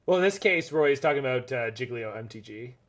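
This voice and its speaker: A man casually commenting on his own card game matches, chatty and jokey, swinging between enthusiastic bursts and low mutters. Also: expressive, fast talker. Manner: chatty, rambling, jokey, laughs often. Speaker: gaming streamer.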